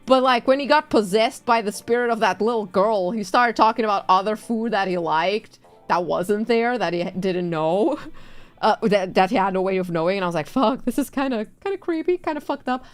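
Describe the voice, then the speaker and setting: A woman streamer retelling a story in casual chat, animated, swearing freely and laughing often. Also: mid-range voice, moderate pace, faint music behind. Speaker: VTuber streamer.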